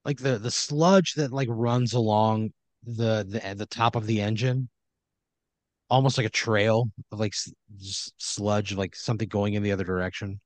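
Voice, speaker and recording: A man's voice: on the low side, steady tone, normal speed, no room sound. A man improvising a comedic horror story in a loose, rambling way full of fillers.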